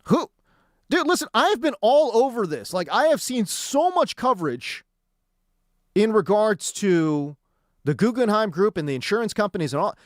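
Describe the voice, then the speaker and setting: A man's voice: high voice, sing-song, normal speed, no echo, studio quality. A man hosting a sports talk radio show, talking in a slangy, sarcastic way. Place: radio studio.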